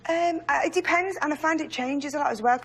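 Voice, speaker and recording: A woman's voice: high-pitched, fairly quick, a bit bright. A woman on a comedy panel show, chatting candidly.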